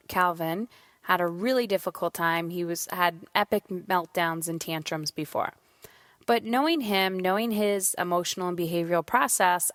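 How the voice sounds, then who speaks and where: A woman in her thirties talks through a personal story on her podcast, lively and frank and not shy about swearing. Her voice sits a little low. The sound is dry and close, with no room echo. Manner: candid, swears freely, animated storytelling. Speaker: podcast host. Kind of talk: casual solo monologue.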